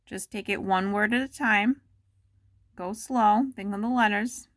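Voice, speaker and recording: Slow, deliberate woman teacher dictating. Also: mid-range voice, steady tone, dry recording, clean studio sound. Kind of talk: dictating a spelling test for remote students.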